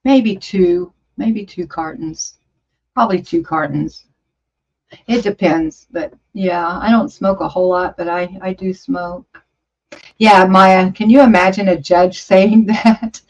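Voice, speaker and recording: A woman's voice: mid-range voice, slow. A woman over fifty hosting a casual livestream, chatting in a rambling, exclaiming way as she reads viewer comments. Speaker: livestream host. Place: home studio. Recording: dull lo-fi stream audio.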